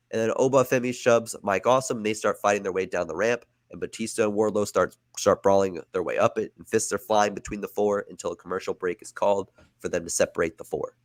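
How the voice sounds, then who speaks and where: A man's voice: on the low side, steady tone, normal speed, dry recording, studio quality. A man hosting a podcast, casually narrating wrestling storylines he booked. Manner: casual, chatty with fillers. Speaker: podcast host.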